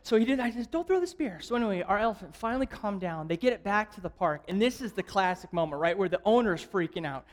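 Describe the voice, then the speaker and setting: A man preaching a sermon as an evangelist, telling a jokey story in an animated way and asking the crowd questions. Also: high-pitched, quick pace, hardly any pauses. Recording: long hall reverb.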